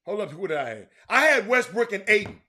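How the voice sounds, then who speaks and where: A man's voice: high voice, big pitch swings, a little fast, pushed and bright. A middle-aged man hosts a casual sports talk stream, reading viewer comments aloud and often dropping to a mutter. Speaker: sports talk show host.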